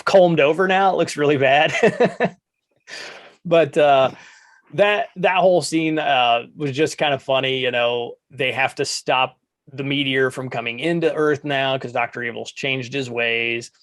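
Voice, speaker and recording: A man co-hosting a podcast, casually recapping a movie and jumping higher when he quotes the characters. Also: unhurried. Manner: animated storytelling, jumps higher to quote characters. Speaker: podcast co-host.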